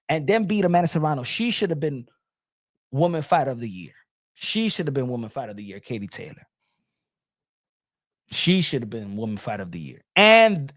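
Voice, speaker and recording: A man's voice: a little high, no echo, studio quality. A man hosting a boxing channel, chatting casually and rambling, often repeating his points.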